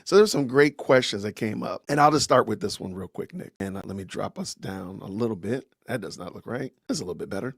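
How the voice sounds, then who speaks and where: A man's voice: lowish voice, expressive, fairly quick, gravelly, few pauses, husky, dry recording, studio quality. A man hosting a casual livestream podcast, greeting viewers with slangy, upbeat phrases and introducing his guest. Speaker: podcast host.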